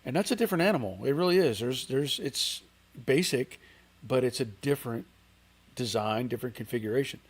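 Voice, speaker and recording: Middle-aged male livestream host, casual and rambling, mid-pitched. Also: expressive, fairly quick. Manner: chatty, rambling, reads out viewer comments. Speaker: host of a car channel livestream.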